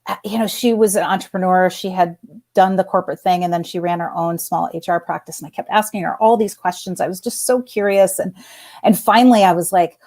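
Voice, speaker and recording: A woman in her forties, a former executive, telling a personal story as a guest in animated conversational style, full of fillers and restarts. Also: on the low side, brisk.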